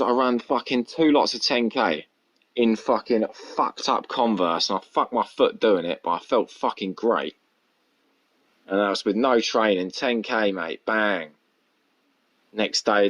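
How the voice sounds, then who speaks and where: A man's voice: fairly low pitch, fairly bright tone. A man hosting a casual solo podcast, rambling and candid, swearing constantly. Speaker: podcast host. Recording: dull lo-fi recording.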